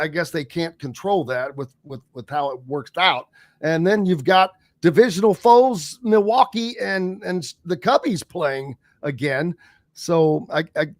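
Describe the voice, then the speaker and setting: A man hosting a casual sports radio talk show, speaking haltingly with many fillers. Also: on the high side, dry recording, studio quality. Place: radio studio.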